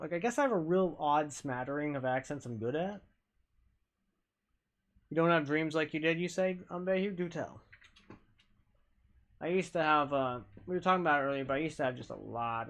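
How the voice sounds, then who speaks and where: A man streaming live, chatting casually with viewers in a halting, self-deprecating, rambling way. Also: fairly high pitch, gravelly, a bit bright.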